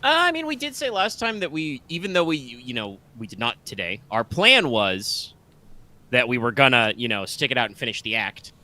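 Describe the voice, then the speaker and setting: A man's voice: medium pitch, very animated, normal speed, pushed and bright. A man co-hosting a casual game stream, talking in a rambling, hesitant way full of fillers. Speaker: stream co-host.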